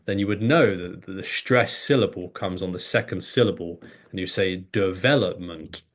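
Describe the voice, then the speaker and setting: A man's voice: low-pitched, normal speed. A man, an English teacher, explaining in conversation and acting out pronunciation examples as he goes. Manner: animated, demonstrates pronunciation examples.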